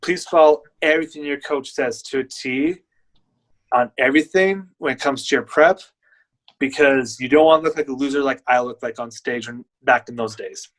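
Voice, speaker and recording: A man's voice: mid-range voice, normal speed, rough recording. A man guest, a bodybuilder, telling his story in candid, rambling casual chat.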